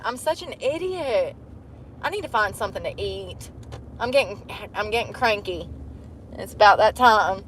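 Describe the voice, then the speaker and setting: Profane, high-voiced woman venting in a car. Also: expressive, moderate pace, fairly bright tone, slight background noise. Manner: blunt, heavily profane and complaining. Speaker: vlogger. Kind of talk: casual rambling monologue. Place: inside a car.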